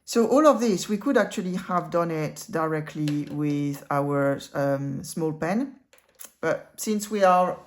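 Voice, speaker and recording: Woman drawing teacher, chatty step-by-step tutorial delivery, slightly low voice. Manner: chatty, talks the viewer through each stroke.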